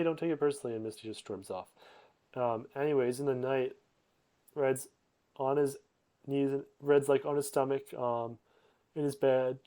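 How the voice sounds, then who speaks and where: Man, mid-pitched, rambling casual storyteller, loose filler-heavy delivery. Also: warm tone. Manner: rambling, many fillers and restarts, voices characters loosely. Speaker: narrator summarizing a comic.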